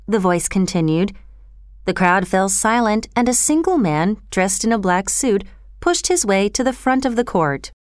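Lady reading a storybook aloud, expressive and measured, crisp tone, dry close sound. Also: mid-range voice, dry recording. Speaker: narrator. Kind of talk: scripted storybook narration.

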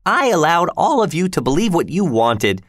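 A bitter, imperious old woman speaks in a high, sharp voice, put on by a man reading a storybook. Each line comes out cold and accusing. The recording is dry and close, with no room sound. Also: big pitch swings, moderate pace, no echo. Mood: scornful. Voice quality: raised, sharp.

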